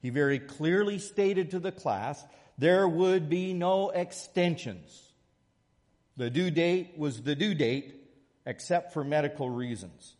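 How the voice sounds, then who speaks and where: Storytelling preacher in a reverberant hall. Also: male voice, on the high side, slow pace. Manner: storytelling, shifts from soft prayer to lively anecdote. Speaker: pastor. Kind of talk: sermon.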